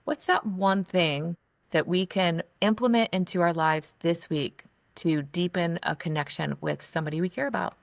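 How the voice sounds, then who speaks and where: Affirming woman podcast host, low voice. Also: normal speed, vocal fry, no room sound. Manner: warm, affirming interviewer. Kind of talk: podcast interview.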